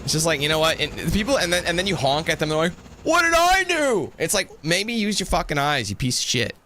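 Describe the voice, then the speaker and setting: A man's voice: fairly high pitch, lively intonation, quick pace, bright, forceful tone, slight background noise. A man giving casual gameplay commentary, rambling into a profane rant. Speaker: gameplay video creator.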